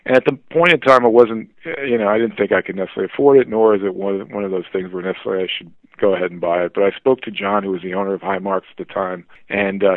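Guest: deep-voiced man, enthusiastic, rambly, dry tinny line. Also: dry recording. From New Jersey. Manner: enthusiastic, filler-heavy, restarts often. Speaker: podcast guest, publishing executive. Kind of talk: conversational interview storytelling. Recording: dry, phone-like narrow line.

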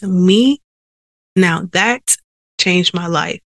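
Sighs and held breaths come through a sensitive microphone as a woman hosting a faith podcast earnestly recounts her testimony, conversational in tone. Her voice is on the low side and fairly bright, at normal speed, with no echo.

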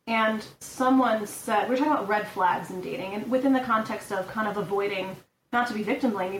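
A woman's voice: medium pitch, a bit bright, a little hiss or hum. Chatty woman guest on a roomy distant mic. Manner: chatty, reads out figures, wry asides. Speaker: podcast guest. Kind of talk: casual discussion.

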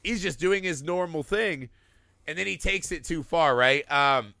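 A man with a gravelly, very bright voice pitched a little high. He talks about films in an irreverent, profane way, breaking into laughter often, recorded close and dry. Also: measured pace, dry recording. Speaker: podcast co-host. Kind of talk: casual film discussion.

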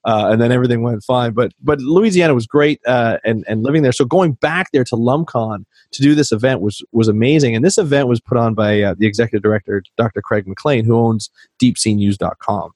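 A man from Canada tells his stories in a relaxed, conversational way and voices the people he quotes with plenty of life. His voice sits at an ordinary middle pitch. The recording is close and dry, with almost no room sound. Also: a little fast, few pauses, dry recording. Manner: animated storyteller who acts out quoted dialogue. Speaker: podcast guest. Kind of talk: casual storytelling chat.

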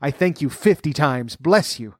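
A man's voice: fairly high pitch, animated, a little slow, a little mellow, no room sound, studio quality. A man doing Scrooge, a gleeful old miser reborn. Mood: eager, grateful. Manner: eager, breathless, effusive. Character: jubilant reformed old miser, elderly man.

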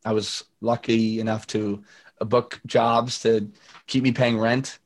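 A man's voice: lowish voice, level tone, unhurried. A young man talking casually in a video call interview, chatty and storytelling, with many fillers and acted-out quotes. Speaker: singer-songwriter guest.

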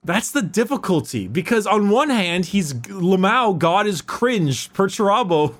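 A man co-hosting a podcast, chatting casually and excitedly about fantasy lore, swearing freely and restarting his sentences. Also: sits high, a little slow. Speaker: podcast co-host.

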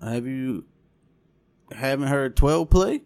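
A man co-hosting a casual music talk, teasing and blunt with quick interjections. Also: mid-range voice, lively intonation, a little mellow. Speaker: podcast co-host. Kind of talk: casual chat.

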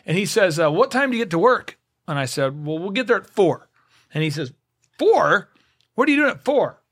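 A man's voice: high-pitched, fairly quick, husky. A man talking as a guest in a studio, acting out both sides of the conversations in his stories. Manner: animated storyteller acting out both sides of dialogues.

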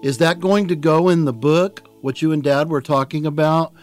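A man's voice: a little high, steady tone, moderate pace, soft background music, voice pushed up, close to an everyday voice. A man voicing a worried, affectionate middle-aged foster mother on the phone, with a fussy, doting manner. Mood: fussing mother. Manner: fussy, affectionate, calls him honey.

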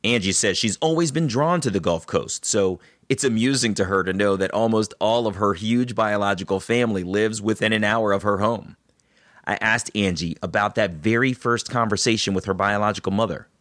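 Man, low voice, interviewer and narrator, affirming, dry close sound. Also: normal speed, a bit bright, no room sound.

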